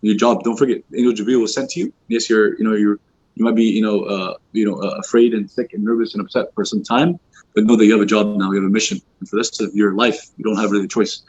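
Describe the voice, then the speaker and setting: Guy giving a youth talk at a mosque, super fast, lots of fillers, husky voice, muffled lo-fi recording. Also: lowish voice. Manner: fast, informal, many fillers like "you know" and "like"; acts out quoted speech in lively voices. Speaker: youth halaqah teacher. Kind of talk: casual religious talk to youth. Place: mosque hall. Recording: dull lo-fi recording.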